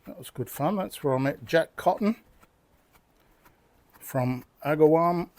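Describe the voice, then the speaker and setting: An older man with an Australian accent chats in an easygoing, rambling way, full of good humour. His voice is mellow and dark, with a relaxed, unhurried delivery as he explains his work. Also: a little high, no echo. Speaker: knife sharpening channel host. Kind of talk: casual talk while demonstrating.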